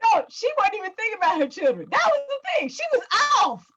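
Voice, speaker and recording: A woman's voice: very high voice, big pitch swings, quick pace, muffled recording, very noisy. A woman chatting casually as a co-host, laughing often and chiming in with short replies. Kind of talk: casual chat.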